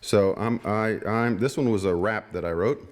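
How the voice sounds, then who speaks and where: A man with a Cajun accent, an author reading his work in a measured, rhythmic way and then chatting with a festival audience. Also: lowish voice. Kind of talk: poetic reading and casual stage talk. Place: festival stage. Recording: long hall reverb.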